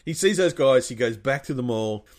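Aussie guy rambling through a movie recap, casual and animated, goes off on tangents. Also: mid-range voice, moderate pace. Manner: rambling, animated retelling with acted-out quotes. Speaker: podcast co-host recapping a film. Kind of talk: casual chat.

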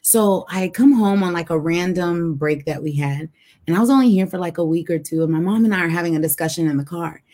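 A woman's voice: lowish voice, quick pace, a little mellow. A woman guest telling a personal story with animation, acting out voices and dialogue as she goes.

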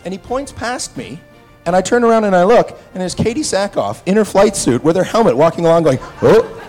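A man telling an anecdote to an audience in a hall, animated and acting out the other people's voices. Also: high-pitched, a little fast, faint music behind. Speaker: actor telling a set anecdote. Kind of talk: onstage storytelling. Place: stage before an audience in a hall.

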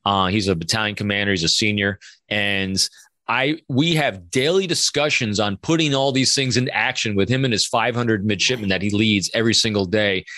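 A man in his fifties, a podcast guest, telling animated stories and acting out quoted dialogue. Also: fairly low pitch, a little fast, no room sound, studio quality. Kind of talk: conversational storytelling interview.

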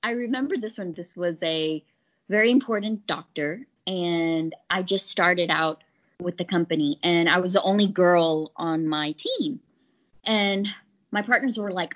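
A woman's voice: on the low side, normal speed, a bit bright. A woman in pharmaceutical sales, chatting in an interview, telling stories animatedly and acting out quoted lines. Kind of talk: conversational interview storytelling. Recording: slightly dull lo-fi audio.

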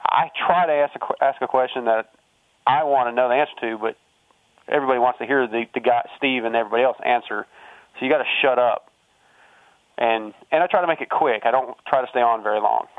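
A man's voice: mid-range voice, dry recording. A man who calls a show regularly, chatting frankly and casually. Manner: quick, frank, self-aware. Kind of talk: casual chat. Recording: tinny phone-line sound.

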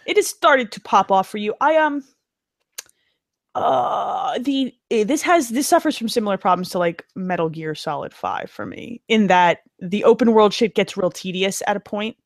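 A woman's voice: medium pitch, lively intonation, moderate pace, gravelly, dry recording. A woman co-hosting a podcast in casual chat, teasing her friend, swearing a lot and laughing through her lines. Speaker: podcast co-host.

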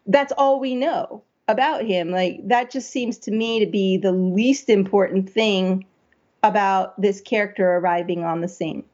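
Woman talking through a line edit, chatty and questioning, mid pitch, kinda muffled lo-fi audio. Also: darkish tone. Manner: conversational, asks herself questions. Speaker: writing editor. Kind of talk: thinking-aloud editing critique.

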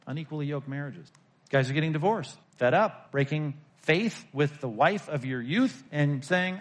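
A man, a pastor, teaching a Bible survey class in a lively lecturing manner, full of rhetorical questions and wry asides. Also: a little high, a little fast.

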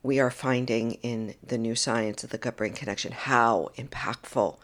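A woman hosting a solo podcast monologue into a microphone, earnest and emotional, often dropping into a soft whisper. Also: a bass voice, fairly even intonation, normal speed. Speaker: podcast host. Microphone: studio microphone.

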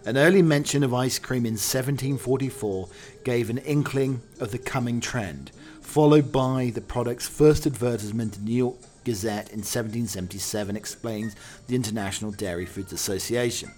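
A man's voice: mid-range voice, brisk, a little mellow. A man hosting a podcast, riffing jokingly with lots of fillers and restarts. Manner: rambling, jokey, filler-heavy. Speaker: podcast host. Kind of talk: casual solo commentary.

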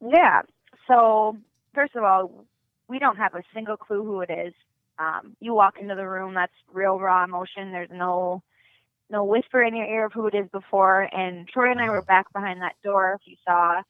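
A woman's voice: medium pitch, moderate pace, no echo. Giggly young woman on a dry phone line. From North Dakota, USA. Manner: animated, giggly, gushing. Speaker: singer, podcast guest. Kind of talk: casual interview storytelling.

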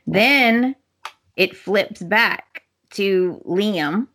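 A woman's voice: medium pitch, expressive, extremely slow, fairly bright tone. A woman co-hosting a podcast, chatting casually as she recaps soap opera episodes and acts out the characters' lines. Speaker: podcast co-host.

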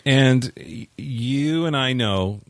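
A man's voice: medium pitch, expressive, slow pace, no room sound. A man co-hosting a casual TV recap chat, steering the talk and chiming in often. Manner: steers the topic, backchannels a lot. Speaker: podcast co-host.

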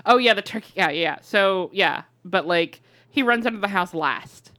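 Animated woman recapping a movie. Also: mid-range voice, normal speed, no room sound. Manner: animated storytelling with excited quoted voices. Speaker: podcast co-host. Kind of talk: casual movie recap chat.

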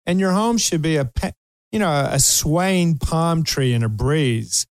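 An older Kentucky man who hosts a talk show tells a funny story, laughing often and acting out the voices he quotes. His pitch is fairly high and his pace a little slow. The recording is dry.

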